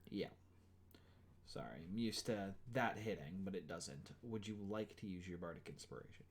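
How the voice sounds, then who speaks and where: Low-voiced guy running a tabletop game, chill and kinda apologetic, lots of ums, faint hiss behind. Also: normal speed. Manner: casual, filler-heavy, apologetic. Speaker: game master.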